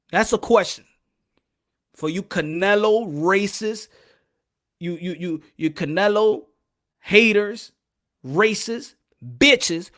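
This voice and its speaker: A man's voice: high-pitched, slow, long pauses, fairly bright tone. A man hosting a boxing podcast, ranting in a heated, profane way and firing off repeated rhetorical questions. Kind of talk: solo opinion rant.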